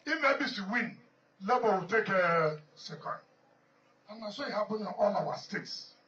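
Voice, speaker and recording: Nigerian male politician, high voice, emphatic and repetitive, off-mic and muffled with faint hiss. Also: lively intonation, normal speed, bright, forceful tone, far from the mic. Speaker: politician addressing a gathering. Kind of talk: off-the-cuff public speech.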